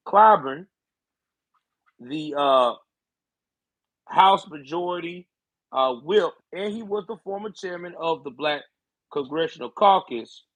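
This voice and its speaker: A man's voice: fairly high pitch, a bit bright, no room sound, rough recording. A man hosting a livestream of political commentary, talking casually with sarcasm and profanity.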